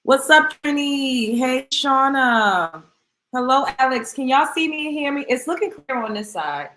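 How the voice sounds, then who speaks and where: A woman hosts a casual livestream and chats freely, greeting her viewers by name. Her voice is bright and forceful, and it rings in an echoey room. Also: high voice, expressive, unhurried, slight background noise. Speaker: host.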